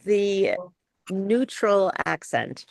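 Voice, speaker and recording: Gravelly New York woman coaching voices. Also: medium pitch, very animated, drawn-out words, no room sound. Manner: chatty, laughing often, many restarts. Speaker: speech coach. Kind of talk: webinar Q and A.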